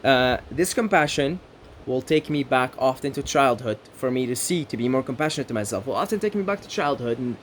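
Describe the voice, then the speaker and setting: A man's voice: medium pitch, expressive, fairly quick, a little hiss or hum. A man from the Middle East giving an earnest, reflective self-help monologue, often checking in with "right?" and building rhythmic lists. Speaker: spiritual self-help speaker.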